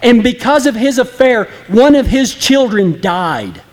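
A man's voice: very high voice, very animated, measured pace, in a large hall. A man preaching an impassioned, folksy sermon that speaks straight to the congregation. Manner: impassioned, folksy and direct, acting out flippant apologies.

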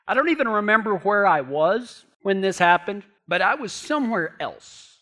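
A man's voice: high-pitched, very animated, moderate pace, bright, forceful tone, faint music behind. A man telling a humorous story in a folksy, joking way, with rural turns of phrase.

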